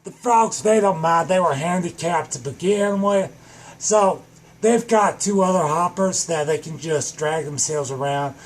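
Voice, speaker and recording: Man, high-pitched, manic rambling comedy rant, sudden shouting bursts, faint background noise. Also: a little slow. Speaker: comedic vlogger.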